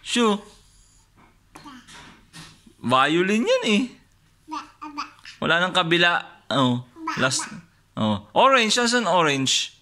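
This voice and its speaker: A man's voice: high voice, huge pitch swings, takes it slowly, pauses often, pushed and bright, a little hiss or hum. A man with a Filipino accent patiently quizzing his young child with picture cards, asking questions and praising each right answer. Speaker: father teaching his child. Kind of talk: coaxing flashcard quiz with a toddler.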